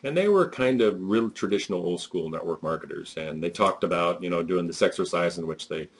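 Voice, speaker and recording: A man's voice: deep voice, lively intonation, a little fast, slightly rough. A man giving a conversational, emphatic motivational talk as a network marketing trainer, with frequent fillers.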